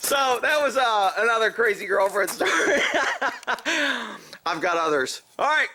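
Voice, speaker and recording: A man's voice: high voice, lively intonation, unhurried, recorded from a distance, background noise. A man casually telling a personal story to the camera, chuckling often and acting out the people he quotes.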